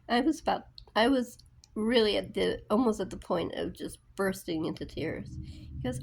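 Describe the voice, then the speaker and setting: A woman's voice: mid-range voice, normal speed, creaky, husky. A woman telling a personal story in a casual book vlog, rambling with lots of fillers and restarts. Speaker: book vlogger.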